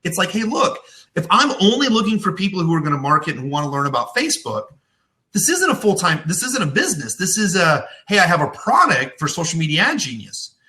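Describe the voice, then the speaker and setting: A middle-aged man hosting a business web show, teaching in a casual way and telling anecdotes with lively acted-out voices. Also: high-pitched, brisk. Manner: animated storytelling, acts out voices in anecdotes.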